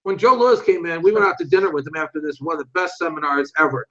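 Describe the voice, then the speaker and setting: An older martial arts instructor, appearing as an interview guest, tells animated stories casually and at a fast clip in a high-pitched voice. He swears freely and acts out what other people said. The audio is muffled and lo-fi.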